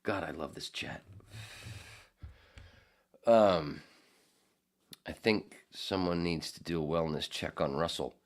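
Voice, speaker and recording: A man's voice: extremely low pitch, slow, pauses often. A man hosting a casual podcast, reading out chat comments and rambling through crude, profane jokes. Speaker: podcast host.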